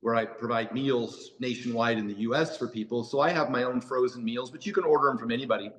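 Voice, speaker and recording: This podcast interview features an American guest with a medium-pitched voice who talks at a quick pace. He tells stories loosely, with lots of restarts and "you know" fillers, and the recording is low quality.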